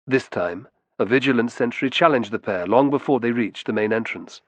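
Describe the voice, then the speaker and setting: A man reading an audiobook in a steady, measured storytelling manner on a close studio mic. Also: mid-range voice, no room sound. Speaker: audiobook narrator. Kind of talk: scripted narration.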